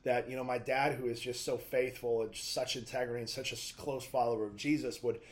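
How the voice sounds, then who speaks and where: A man's voice: medium pitch, fairly even intonation, fairly quick. A young adult man giving a preaching monologue as a Christian speaker, telling stories in an earnest, conversational way.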